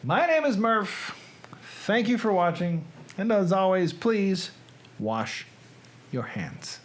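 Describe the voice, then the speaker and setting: A man's voice: high-pitched, sing-song, slow, a little hiss or hum. A man hosting a casual livestream from his home editing room, chatting and greeting viewers by name. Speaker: host.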